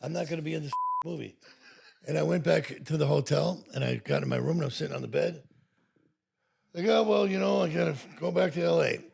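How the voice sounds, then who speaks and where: A man in his sixties, an actor, telling anecdotes in a casual, animated way and acting out what others said. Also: fairly high pitch, fairly quick. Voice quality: gravelly, husky. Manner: animated, laughs while telling, acts out quoted lines. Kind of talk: casual storytelling.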